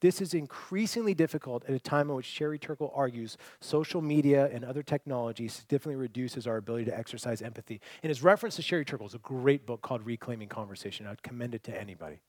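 A man preaching a sermon, earnest and conversational, rising to loud emphasis and dropping to near-quiet. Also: medium pitch, fast talker, hardly any pauses, dry recording. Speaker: pastor.

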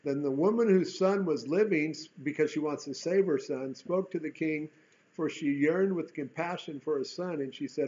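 A man's voice: a little high, moderate pace, a little mellow, muffled recording. A man teaching through a Bible chapter in a conversational way. He reads scripture aloud and breaks off into folksy asides and rhetorical questions.

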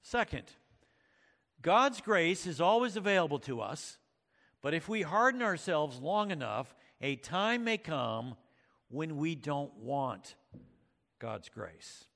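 Pastor preaching in a reverberant hall. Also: male voice, fairly high pitch, big pitch swings, takes it slowly, gravelly, fairly bright tone. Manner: reads scripture and retells stories with dramatic emphasis; uses fillers like uh and um. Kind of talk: sermon.

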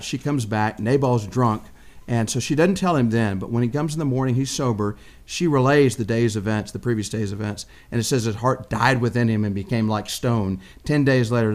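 Male Bible teacher, lively storyteller, mid pitch. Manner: animated storytelling, acts out quoted speech. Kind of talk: conversational Bible discussion.

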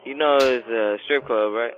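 A man's voice: medium pitch, moderate pace. A man answering a call at his workplace over the phone, hesitant and unsure. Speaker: strip club staff answering a prank call. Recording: tinny phone line.

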